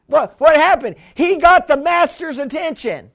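A man preaching a sermon who keeps restarting, calls out to the congregation, and rises into shouted passages. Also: very high voice, expressive, a little slow, creaky. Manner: fervent, builds to shouts, calls for a witness.

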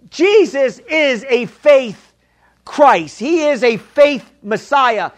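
High-voiced man preaching a fiery sermon. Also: expressive, takes it slowly. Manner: emphatic preaching, repeats key lines, calls to congregation. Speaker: pastor.

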